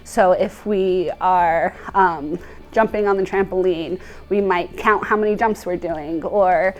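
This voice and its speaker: A woman behavior analyst speaking in an interview, explaining clearly and in a friendly way. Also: lowish voice, steady tone, measured pace.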